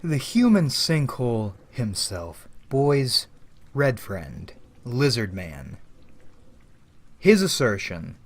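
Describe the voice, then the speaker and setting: A man's voice: mid-range voice, big pitch swings, takes it slowly. A man giving a rambling, reflective monologue, casually swearing and calling his listeners "boys". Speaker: channel host.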